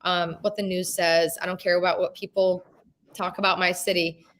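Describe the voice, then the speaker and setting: A woman's voice: on the low side, little pitch movement, moderate pace, fairly bright tone. A woman who hosts a real estate show, chatting casually and emotionally, with the odd swear word. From Las Vegas. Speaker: real estate agent and host. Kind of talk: casual chat.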